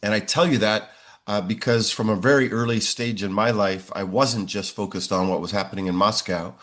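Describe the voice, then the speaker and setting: A man in his sixties, a professor answering interview questions in a measured way, often pausing on "uh". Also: lowish voice, a bit bright. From United States. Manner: measured, frequent "uh" fillers.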